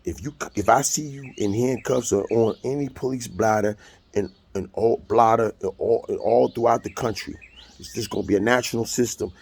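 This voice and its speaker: In a casual, profane monologue, a man from the United States in his 50s gives a blunt account of a court hearing. He speaks at a normal speed, and his gravelly, husky voice is lowish and slightly mellow.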